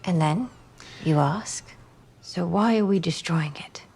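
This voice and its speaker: An actress with a British accent playing a young blind woman who knows people by their voices, speaking quietly and sometimes in a whisper. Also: on the low side, slow, a little hiss or hum. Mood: earnest. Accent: British, as played. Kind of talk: drama scene. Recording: drama with faint music.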